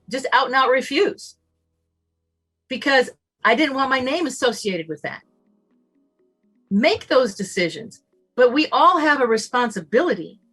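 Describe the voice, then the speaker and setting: A woman speaks as a summit guest in a slightly high voice, emphatic and animated. She acts out little bits of dialogue in shifting voices. Faint music sits behind her. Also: slightly rough. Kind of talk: casual talk, motivational.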